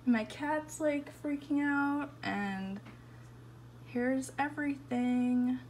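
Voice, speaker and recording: A woman artist chatting casually in a home vlog, excitable and full of fillers, recorded on a phone in an apartment. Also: high-pitched, drawn-out words, slight background noise, rough recording. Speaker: artist vlogger.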